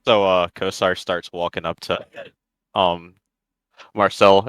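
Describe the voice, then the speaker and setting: A man's voice: deep voice, little pitch movement, unhurried, long pauses, fairly bright tone, smooth, dry recording, rough recording. A man playing a tabletop game, describing his character with amusement. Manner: amused, with frequent laughs. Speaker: player.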